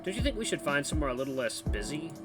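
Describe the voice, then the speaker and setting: Male gaming host, let's play commentary, chatty and lively, music behind. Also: a little high, rapid-fire. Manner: chatty and animated, voices the main character. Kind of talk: let's play commentary, reading game text. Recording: background music under voice.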